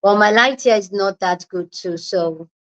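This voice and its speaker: A woman's voice: medium pitch, a little slow, fairly bright tone, muffled recording. A young woman with a Nigerian accent hosting a casual livestream chat from home, bubbly and laughing often as she greets viewers. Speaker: livestream host.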